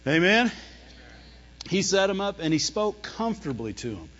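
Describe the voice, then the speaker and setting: A man preaching a lively sermon, mimicking whining voices and laughing often as he talks. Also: high voice, moderate pace, in a large hall. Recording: dull lo-fi sound.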